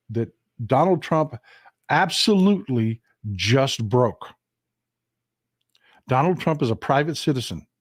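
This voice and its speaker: Folksy man, animated commentary. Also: medium pitch, no room sound, studio quality. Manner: folksy, animated, mocks historical figures in quoted voices. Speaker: political livestream host. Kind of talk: casual political commentary.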